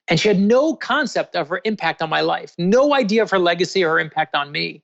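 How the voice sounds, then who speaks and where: A man with a somewhat high, gravelly voice talks as an author in a relaxed interview. He tells his stories with animated earnestness. The remote recording sounds dull and lo-fi. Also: fairly quick, hardly any pauses. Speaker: author and guest. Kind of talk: casual interview storytelling.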